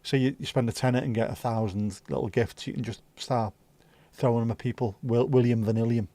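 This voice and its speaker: A man's voice: medium pitch, fairly even intonation, fairly quick, dark tone, no echo. A man with a Scouse accent from Liverpool, hosting a casual livestream chat and rambling along with the odd swear word. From Liverpool, England. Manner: chatty, rambling, swears freely. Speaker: livestream host.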